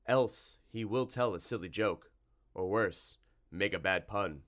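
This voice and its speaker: A man's voice: on the low side, a little slow, fairly bright tone. A man voicing a solemn, heroic male vampire hunter in an audiobook, speaking in a grave, formal, old-fashioned way.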